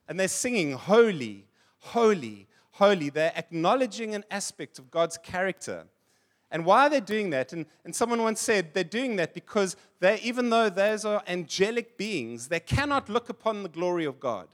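High-voiced man preaching. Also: big pitch swings, moderate pace. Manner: conversational preaching, tells funny anecdotes and laughs. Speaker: pastor. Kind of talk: sermon.

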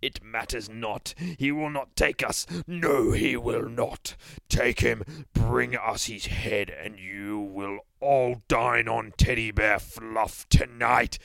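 A man voicing a menacing boogeyman lord who commands monsters, in slow, grand, booming commands. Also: steady tone, gravelly, a bit bright, dry recording. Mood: commanding.

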